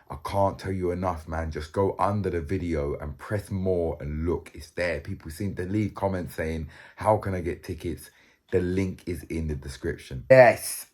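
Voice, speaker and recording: A man's voice: sits low, darkish tone. A young man, chatting to camera in a casual, joking, slang-filled way. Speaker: vlogger.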